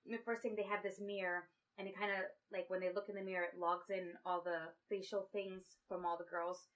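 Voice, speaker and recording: A woman's voice: fairly low pitch, little pitch movement, brisk. A woman co-hosting a casual podcast, retelling a movie plot in a rambling way and acting out the characters' lines. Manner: rambling plot recap with acted-out quotes. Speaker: podcast co-host. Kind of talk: casual chat.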